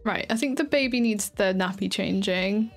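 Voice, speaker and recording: A woman's voice: mid-range voice, normal speed, creaky, faint music behind. A tired woman with a chatty, giggly, rambling manner, casually commenting on her gameplay as a streamer.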